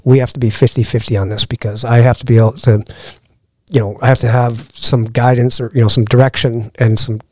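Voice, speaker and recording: Mellow-voiced middle-aged man telling stories. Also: medium pitch, a little fast, no room sound. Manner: lively anecdote-teller who acts out quoted dialogue. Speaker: podcast guest, lodge owner. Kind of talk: casual storytelling.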